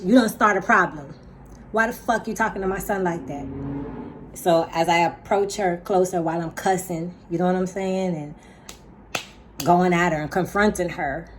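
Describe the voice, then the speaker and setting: Woman, deep voice, casual storytime, emphatic, slangy asides. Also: slight background noise. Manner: animated, emphatic retelling with laughs and slang asides. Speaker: storyteller vlogger.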